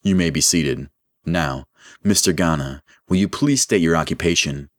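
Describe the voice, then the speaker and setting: A man voicing a formal male senator who chairs a hearing in a measured way. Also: sits low, no room sound, clean studio sound, close to an everyday voice.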